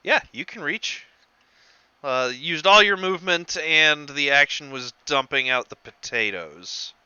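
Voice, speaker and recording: A man running a tabletop game as game master, talking in a halting way and laughing easily. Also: fairly high pitch, expressive, bright, forceful tone, clean tone, no echo, lo-fi sound.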